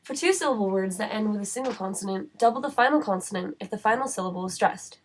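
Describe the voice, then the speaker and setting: A woman giving scripted instructional narration for a spelling lesson, reading rules and slowing down for word lists. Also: mid-range voice, lively intonation, a little hiss or hum. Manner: measured, reads word lists slowly. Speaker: writing center instructor.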